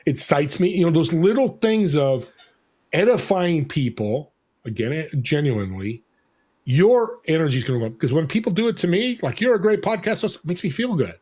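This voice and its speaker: A man, a podcast guest, talking in an energetic, animated way and acting out bits of dialogue. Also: a little high, normal speed, breathy edge. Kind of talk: casual conversation.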